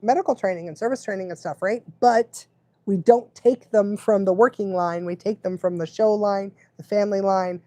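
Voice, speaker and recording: A woman's voice: medium pitch, fairly even intonation, moderate pace, warm tone, dry recording. A woman dog trainer giving casual live advice, chatty, often laughing and checking in with the listener.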